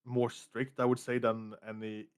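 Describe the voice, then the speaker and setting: A man's voice: mid-range voice, flat delivery, a little slow, clean tone, no room sound. Hesitant man, dry close sound. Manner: hesitant, many fillers and restarts. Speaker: podcast guest. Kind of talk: casual chat.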